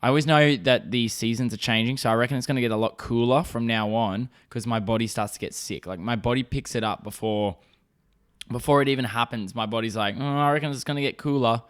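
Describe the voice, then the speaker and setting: A man's voice: mid-range voice, fairly even intonation, brisk, clean tone. Rambling man, solo podcast. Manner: rambling, swears often, lots of fillers. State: getting a sore throat. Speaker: podcast host. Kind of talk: casual solo podcast monologue.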